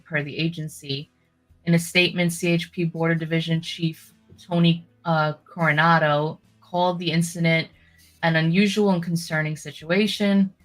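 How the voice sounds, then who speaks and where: A woman's voice: low voice, fairly bright tone. A woman co-hosting a political talk show, chatting casually with lots of "you know" fillers and reading news stories aloud. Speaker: podcast co-host.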